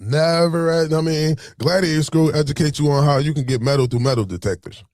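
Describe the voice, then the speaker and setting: New guy telling a wild story, swearing a lot, pretty animated, dead dry room. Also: a little high, brisk, no echo. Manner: animated, streetwise, swears freely. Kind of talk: casual storytelling to camera.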